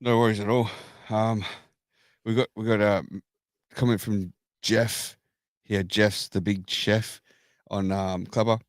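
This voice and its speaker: A man's voice: on the low side, level tone, slow, dry recording, studio quality. Easygoing male co-host. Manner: easygoing, rambling, profane. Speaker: podcast co-host. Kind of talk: casual chat.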